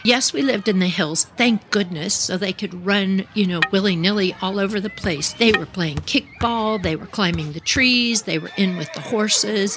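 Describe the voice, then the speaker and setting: A woman with a husky voice telling childhood family stories in a casual, animated way and talking to her listeners directly. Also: on the high side. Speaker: storyteller.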